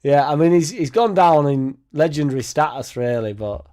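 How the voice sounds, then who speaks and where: A man's voice: fairly high pitch, expressive, moderate pace, mellow. A young man hosting a casual fan livestream, laughing often, swearing freely and rambling as he reacts and thanks viewers. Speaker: fan channel host.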